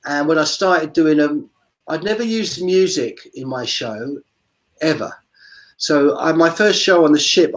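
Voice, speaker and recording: A man's voice: fairly high pitch, low-quality recording. A man on a video call, a street performer talking through his career in a chatty, digressive way. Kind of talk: casual video-call interview.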